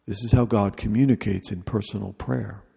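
A man with a dark, mellow, gravelly voice leads a retreat talk in a large hall. He speaks slowly and deliberately and repeats short phrases. The sound carries a long reverb from the room. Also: fairly low pitch, steady tone. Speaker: retreat leader.

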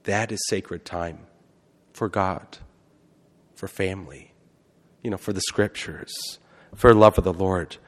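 A Catholic priest gives a conversational sermon, frequently putting questions to the congregation. His voice is low and slow, with long pauses, and a long hall reverb surrounds it.

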